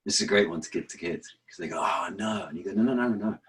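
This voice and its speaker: A man's voice: on the low side, quick pace, fairly bright tone, rough recording. A man, an actor and author, telling stories in an interview and chanting verse rhythms aloud. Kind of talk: relaxed explanatory interview talk.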